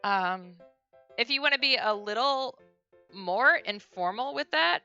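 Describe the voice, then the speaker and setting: A woman's voice: a little high, very animated, a little slow, pushed and bright, clear, resonant tone, muffled recording, soft background music. A woman streamer giving a casual beginner language lesson, chatty and full of fillers and self-corrections.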